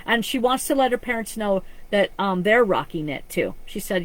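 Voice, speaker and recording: A woman's voice: mid-range voice, lively intonation, moderate pace, poor audio. A woman psychic medium giving a live-streamed reading, talking in an earnest, rambling way with frequent restarts. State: choked up with emotion.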